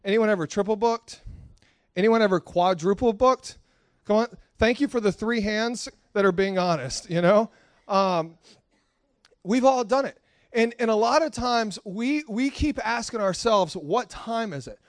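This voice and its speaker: A man preaching a sermon in a church, telling animated, self-mocking stories with frequent restarts. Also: high voice, a little slow, dry recording, clean studio sound. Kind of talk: storytelling sermon. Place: church hall.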